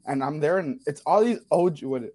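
A young man, telling a rowdy story on a talk show, swearing freely and talking fast. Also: fairly high pitch, no echo. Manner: profane, animated storyteller. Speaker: caller sharing a story. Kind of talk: casual storytelling.

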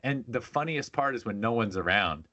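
A man's voice: medium pitch, moderate pace. A man, co-hosting a podcast in casual chat, telling stories animatedly and acting out other voices. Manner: animated storytelling, acts out voices. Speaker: podcast co-host.

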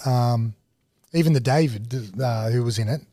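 An Australian man in his thirties, a laid-back, slangy storyteller guesting on a podcast. His voice sits at an ordinary middle pitch. The sound is dry and close, with no room echo. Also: moderate pace, mellow. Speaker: guest, TV host and former rugby league player. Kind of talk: casual storytelling interview.

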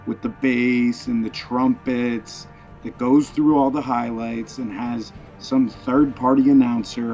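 Male podcast host, energetic sports talk, leans into drama. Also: medium pitch. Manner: enthusiastic, dramatic storytelling.

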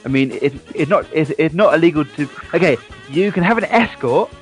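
Young English bloke bantering cheekily. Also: male voice, a little high, lively intonation, a little fast. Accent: Southern English. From England. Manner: cheeky, stammering restarts. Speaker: co-host. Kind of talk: casual radio banter. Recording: internet radio with faint music.

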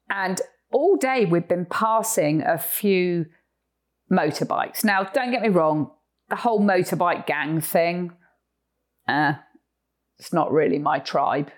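English woman, lowish voice, podcast co-host, animated storyteller. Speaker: podcast co-host, horse trainer.

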